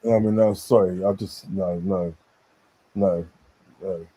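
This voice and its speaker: A man hosts a casual football stream, giving blunt opinions and reading out comments. His voice sits on the low side and has a dark, mellow tone. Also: fairly even intonation, takes it slowly, breathy edge, low-quality recording. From English Midlands. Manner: blunt, opinionated, reads viewer comments aloud. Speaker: stream host. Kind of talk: casual live stream chat.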